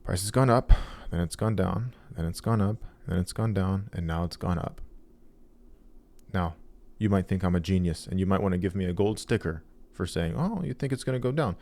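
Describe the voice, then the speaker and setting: A man's voice: deep voice, steady tone, moderate pace, a little mellow. An American man with a General American accent, talking casually and plainly as he walks viewers through his own trades on screen, self-deprecating and full of casual fillers. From United States. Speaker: trader and video host. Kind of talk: casual screen-share walkthrough.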